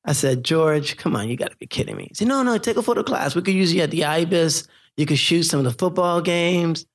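A middle-aged man with a somewhat high voice tells stories from his photography career in an interview. He is animated, acts out the people he quotes, and laughs often. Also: fairly quick. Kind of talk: interview storytelling.

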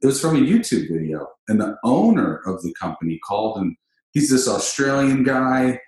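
A man hosting a casual business podcast, telling stories in an animated, emphatic way. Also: mid-range voice, normal speed. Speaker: podcast host. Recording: very echoey room.

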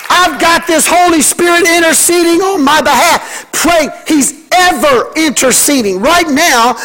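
An older man, a pastor preaching a fervent sermon to his church, moving between loud, emphatic lines and hushed ones. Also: extremely high pitch, rough recording.

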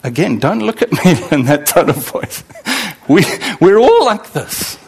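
An animated preacher with a high voice that leaps up and down as he delivers a sermon. He quizzes his congregation and acts out the voices of anxious believers. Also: a little slow, creaky, husky. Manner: asks the congregation questions and answers them. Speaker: pastor.

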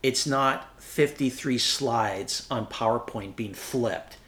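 A man with a middle-pitched voice talks like an inspirational speaker, full of passion. He builds his phrases to loud, high-pitched climaxes and hammers his main points home. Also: takes it slowly. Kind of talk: enthusiastic motivational talk.

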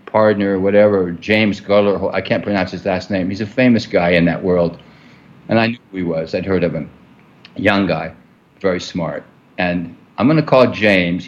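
A man with a fairly low voice is being interviewed and tells a long story, rambling with many fillers and restarts as part of the conversation. The sound is lo-fi.

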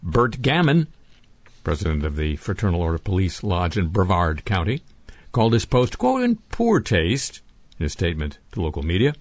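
A man's voice: low-pitched, huge pitch swings, normal speed, no echo. A man hosting a radio show, reading odd news items aloud and adding dry, sardonic asides between them. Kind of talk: wry news commentary.

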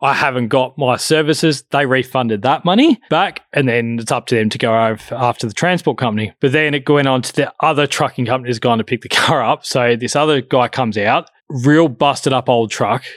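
A man's voice: mid-range voice, moderate pace, few pauses, fairly bright tone, no room sound, clean studio sound. A man telling a story in casual chat, swearing freely and acting out both sides of the conversation.

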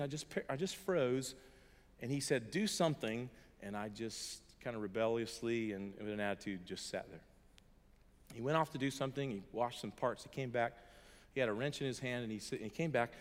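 A middle-aged man, a pastor, giving a sermon built on an emotional personal testimony, moving between hushed and loud passages. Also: medium pitch. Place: church hall. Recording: reverberant hall.

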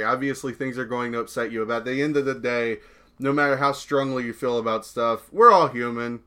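A young man hosts his own podcast solo, rambling in a laid-back way and swearing casually. His voice is medium-pitched with a sharp tone.

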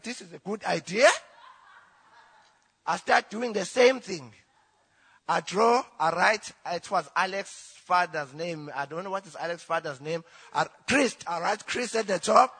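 A South African man whose first language is Zulu, telling his personal testimony in church in halting English with restarts. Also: on the high side, sharp tone, breathy edge. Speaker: church member giving testimony. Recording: reverberant church hall.

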